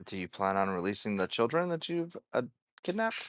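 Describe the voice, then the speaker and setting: A man's voice: fairly low pitch, very animated, a little fast, no room sound, muffled recording. A man playing a tabletop game, asking pointed questions in character. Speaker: player. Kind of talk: in-character tabletop role-play.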